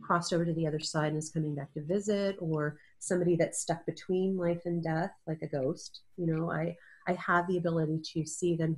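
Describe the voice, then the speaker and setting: Breathy woman sharing a personal story. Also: sits low, darkish tone. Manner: tearful at times, laughing through emotion. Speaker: interview guest.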